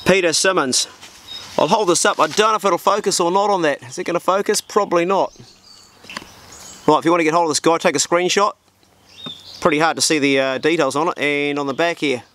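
A man's voice: fairly high pitch, fairly quick, fairly bright tone, a little hiss or hum. A New Zealand man with a New Zealand accent, chatting in a slangy, blokey way as he opens parcels on his vlog at an old farmhouse. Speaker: vlogger. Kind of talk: casual mail-opening vlog.

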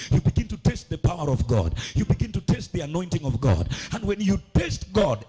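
A man preaching a charismatic church sermon, swinging from loud shouted calls to quiet asides and sing-song chanting, with a husky voice. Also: on the high side. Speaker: pastor. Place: church sanctuary.

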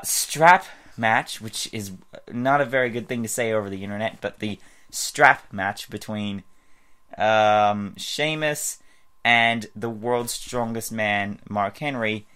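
A man's voice: on the low side, steady tone, slow pace, pushed and bright, smooth. A man casually talking through his wrestling predictions in a video blog, rambling with lots of fillers and restarts. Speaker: wrestling fan vlogger.

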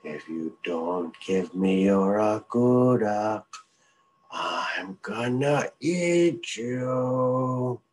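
A man voicing an unseen visitor at the door who calls out in slow, drawn-out, chanting tones and threatens to eat someone. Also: lowish voice, darkish tone, slight background noise. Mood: menacing. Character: menacing unseen visitor demanding food.

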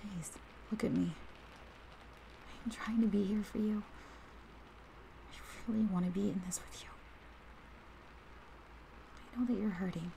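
A woman's voice: medium pitch, steady tone, measured pace, creaky, long pauses, mellow, a little hiss or hum, rough recording. A young woman voicing a protective best friend in a whispered role-play, swinging between heated and tender as she speaks straight to the listener. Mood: gentle, comforting. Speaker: ASMR role-play performer.

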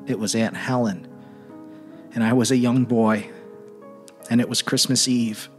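A man giving a dramatic reading of a troubled teenage boy's letters, in a quiet, earnest, halting way. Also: medium pitch, level tone, soft background music. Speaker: narrator.

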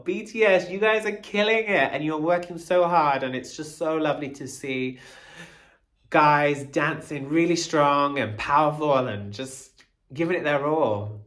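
A professional dancer commenting on a dance video for viewers, chatty and admiring, breaking into loud delighted exclamations. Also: mid-range voice.

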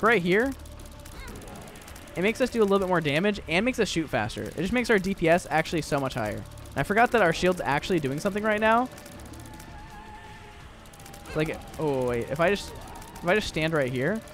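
A man's voice: on the high side, lively intonation, normal speed, long pauses, fairly bright tone, soft background music. Chatty young man narrating a game. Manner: rambling, chatty, lots of fillers and restarts. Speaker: gaming YouTuber. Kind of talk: casual gameplay commentary.

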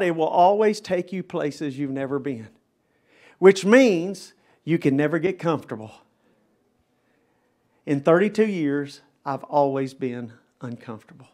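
A man's voice: on the high side, darkish tone. A middle-aged man, a pastor, preaching a live chapel sermon in an emphatic, dramatic style that builds in intensity. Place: chapel service.

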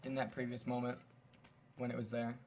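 A man's voice: medium pitch, completely flat delivery, brisk, darkish tone, slight background noise. A man watching a friend play a video game, teasing him with dry quips in casual banter. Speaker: co-commentator.

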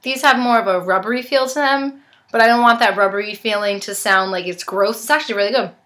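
A woman's voice: medium pitch, fast, a bit bright. A young woman reviewing snacks in a casual unboxing vlog, chatting and tasting as she goes, sometimes talking with her mouth full. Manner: chatty, talks while chewing.

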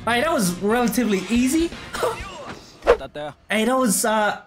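Excitable man commentating a game, saying "bro". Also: very high-pitched, measured pace, over loud music. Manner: excitable, laughs a lot, says "bro" constantly. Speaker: gameplay streamer. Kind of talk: casual let's play commentary.

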